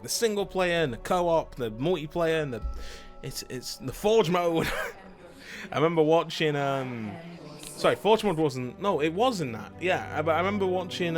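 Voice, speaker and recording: A young man chatting casually about his favourite video games, rambling, correcting himself and swearing now and then. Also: a little high. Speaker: video game streamer.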